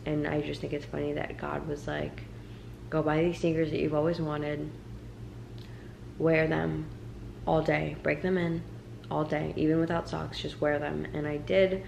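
A woman's voice: low-pitched, flat delivery, measured pace, creaky, roomy sound, a little hiss or hum, poor audio. A young woman vlogging, retelling her story with many fillers. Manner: quiet, subdued retelling. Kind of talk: storytime vlog.

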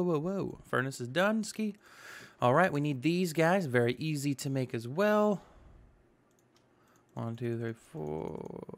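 A man's voice: a little high, vocal fry, fairly bright tone. A man giving casual, chatty commentary on his own gameplay, thinking aloud and tossing in exclamations. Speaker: gaming YouTuber. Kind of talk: casual let's-play commentary.

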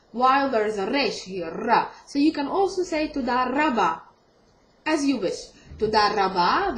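A woman with a fairly high voice teaches a casual language lesson, slowly repeating each word and often stopping to hesitate or correct herself. Her voice rings in an echoey room, with a faint hum of background noise. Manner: hesitant, lots of ums and self-corrections, repeats words slowly.

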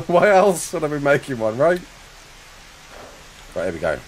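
A man's voice: medium pitch, very animated, slow pace, long pauses, a little hiss or hum, poor audio. A man streaming a survival game live, chatting casually, laughing often and joking with chat as he builds.

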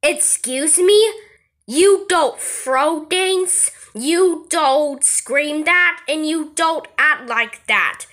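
A firm, patient cartoon mother, voiced by a woman in her natural voice, scolds and soothes her son. Her voice is high and bright, and she speaks very slowly and carefully. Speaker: cartoon narrator and voice actor.

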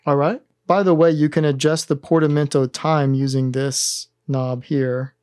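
A man hosting a synthesizer tutorial, calmly talking through each button press in a methodical step-by-step demonstration. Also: fairly high pitch, unhurried, over loud music.

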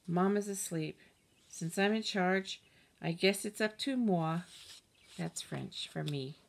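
A woman reads a children's picture book aloud with an expressive, animated delivery. Her voice sits fairly low for a woman. It is a plain, close read-aloud. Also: takes it slowly, gravelly. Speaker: storybook reader.

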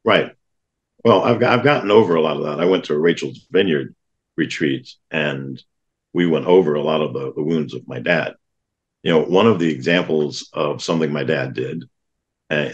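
Middle-aged male guest, deep and gravelly, earnest plain storytelling. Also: lo-fi sound. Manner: earnest, plainspoken recounting of childhood memories. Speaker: podcast guest. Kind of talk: storytelling in an interview.

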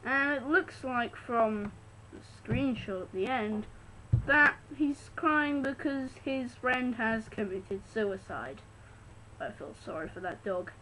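A woman hosting a casual clip show, dropping wry, deadpan remarks. Her voice is bright and a little high, and she speaks slowly. A faint hiss sits under the recording. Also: low-quality recording. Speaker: video host. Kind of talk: casual video commentary.

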